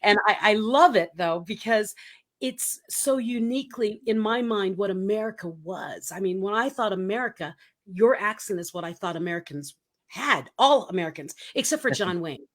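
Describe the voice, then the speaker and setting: A woman's voice: medium pitch, lively intonation, moderate pace, a bit bright. Enthusiastic woman hosting an interview show. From Philippines. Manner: enthusiastic, effusive, laughs often. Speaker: show host.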